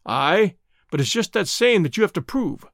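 Man doing a menacing middle-aged gang boss, blustering, interrogating, high-pitched, very lively pitch, dry audiobook sound. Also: moderate pace, creaky, no room sound, heavily acted. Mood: probing. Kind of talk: audiobook character reading.

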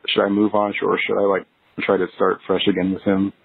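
A caller from Texas leaving an earnest voicemail asking for relationship advice, heard over a phone line. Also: male voice, deep voice, a little fast, creaky, slightly rough, no echo. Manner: earnest, steady telling of a personal story.

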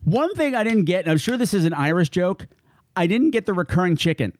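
Sex: man. Role: podcast co-host. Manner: jokey, animated. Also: high-pitched, fairly quick. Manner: jokey, animated, slips into comic voices. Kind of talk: casual chat.

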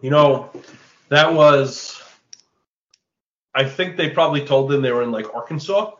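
A man's voice: medium pitch, reverberant, dull audio. Wry man riffing on a movie. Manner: wry, swearing, quick jokes. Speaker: podcast co-host. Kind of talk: casual movie-review chat.

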